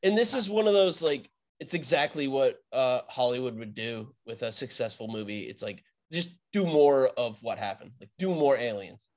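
A man guests on a casual podcast, mid-pitched and enthusiastic. He talks with plenty of emphasis. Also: expressive, normal speed, few pauses.

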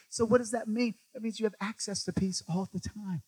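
Male preacher, sermon delivery; high, bright voice with a dry sound; repeats phrases and questions the listener, loud one moment and hushed the next. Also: a little fast, few pauses, no room sound. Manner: swings between loud emphatic lines and quiet low stretches.

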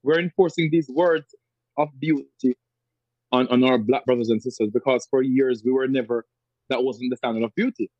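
Jamaican man, husky, dry and slightly dull. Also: mid-range voice, steady tone, moderate pace, a little mellow, no room sound. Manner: reflective, repeats words while searching for them. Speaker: podcast guest. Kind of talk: conversational interview.

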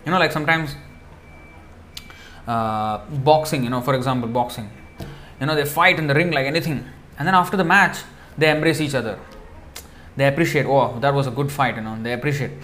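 A man giving a devotional lecture in a loose, conversational way, full of fillers, acting out quoted lines in a softer voice. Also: mid-range voice, fairly quick, pauses often, slight background noise. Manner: conversational, many fillers, acts out quoted dialogue softly. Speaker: preacher.

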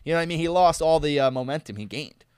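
A man's voice: on the high side, animated, quick pace, a little mellow, smooth, no echo, clean studio sound. A man co-hosting a podcast, talking bluntly and profanely in a rant. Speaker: podcast co-host. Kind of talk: casual chat.

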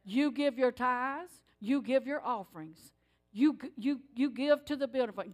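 An older woman giving a sermon in church, telling stories in an animated, emphatic way. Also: high-pitched, unhurried. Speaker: church speaker. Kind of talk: sermon testimony.

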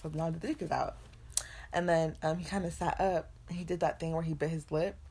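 A woman's voice: sits low, fairly even intonation, brisk, warm tone, slightly rough. A young woman co-hosting a podcast, telling a long story in casual chat and acting out the quotes with changed voices. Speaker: podcast co-host.

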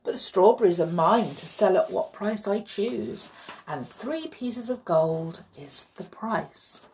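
A woman voicing a clever, cheeky little male flute player who speaks firmly and calmly. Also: mid-range voice, slow, a little hiss or hum. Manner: firm, calm, teasing.

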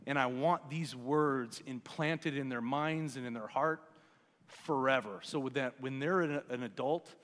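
A man in his forties preaching a sermon in a church in a conversational way, growing quiet when he prays. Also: medium pitch, measured pace. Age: 40s. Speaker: pastor. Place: church sanctuary. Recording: long hall reverb.

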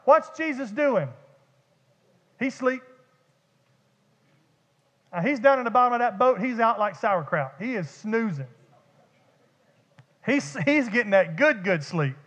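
A man preaching a sermon as pastor, animated and conversational, with vivid humor and repeated words. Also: very high-pitched, measured pace, pauses often. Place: church sanctuary. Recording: dull echoey church hall.

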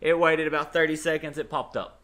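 Young guy on a podcast, slightly higher voice, rambles thru stories, swears a lot. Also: level tone, a little fast, fairly bright tone. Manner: rambling storyteller, swearing freely. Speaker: podcast co-host. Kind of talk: casual chat.

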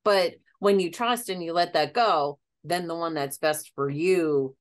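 A woman telling stories in a casual conversation, chatty and quick to laugh. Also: lowish voice. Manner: chatty storyteller, breaks into laughter.

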